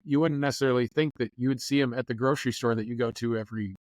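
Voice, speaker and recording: A man, a news anchor, telling lively anecdotes as a podcast guest and acting out the people he quotes. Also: medium pitch, very fast, no echo. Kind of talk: casual interview storytelling. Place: lives in Florida.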